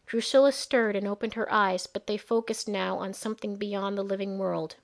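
Woman, fantasy audiobook narrator, measured, mid pitch. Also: fairly even intonation, vocal fry.

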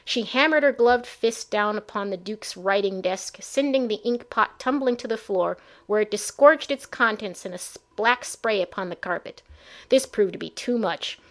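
Woman narrator with a middle-pitched voice, reading a storybook with measured expression. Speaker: audiobook narrator.

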